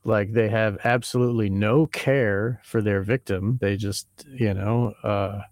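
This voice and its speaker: A man's voice: lowish voice, steady tone, a little slow, a little mellow, dry recording. A man hosting a podcast interview, speaking in a casual, loose way with a lot of "like" and "you know". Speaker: podcast host.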